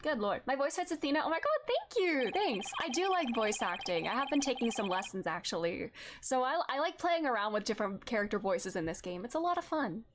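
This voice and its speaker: A woman's voice: a little high, sing-song, a little fast, few pauses. A woman streaming a game, chatting casually, laughing and muttering to herself as she plays. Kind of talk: casual let's-play commentary. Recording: game music behind the voice.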